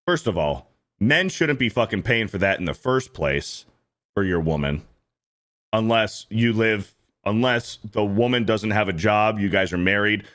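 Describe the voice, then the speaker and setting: A man's voice: on the low side, fairly bright tone. A man hosting a reaction show, ranting bluntly and swearing often as he comments on clips. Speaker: host.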